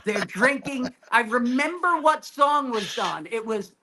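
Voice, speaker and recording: A man telling a wild story as a guest comedian on a podcast, animated and profane, acting out his own shouting. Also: very high voice, unhurried. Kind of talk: storytelling in casual chat.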